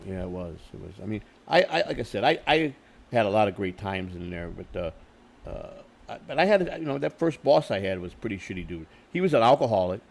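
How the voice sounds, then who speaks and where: A middle-aged man telling stories in a candid interview, swearing freely, repeating and restarting his words, and getting louder when he retells arguments. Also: fairly low pitch, sing-song, a little fast, vocal fry. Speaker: interview guest. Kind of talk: candid conversational storytelling.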